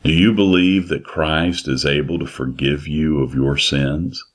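A man preaching a sermon in a slow, emphatic way, repeating his phrases. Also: a bass voice, steady tone.

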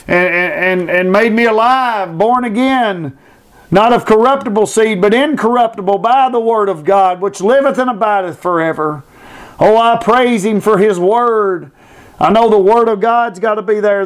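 A man's voice: sits high, clear, resonant tone. A man preaching a sermon, building fervent repeated phrases and reading scripture aloud. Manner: fervent, repetitive emphatic preaching.

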